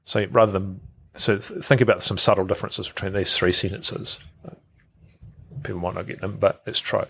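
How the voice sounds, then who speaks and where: A man's voice: lowish voice, fairly even intonation, moderate pace, gravelly, sharp tone, husky. A middle-aged man, a podcast guest who talks casually, repeats words and acts out quoted thoughts. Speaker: guest, health researcher.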